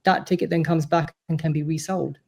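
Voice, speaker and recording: Brisk and a little high, this man's voice is creaky and slightly mellow, with fairly even intonation. He's a supporters' board vice-chair appearing on a podcast, talkative and earnest, going into long explanations during the relaxed conversation.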